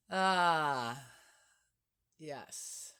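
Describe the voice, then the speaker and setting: Slow, bright-voiced older woman. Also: low-pitched, clear, resonant tone. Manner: frank, chatty, with soft laughs. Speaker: vlogger. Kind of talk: casual talk to camera.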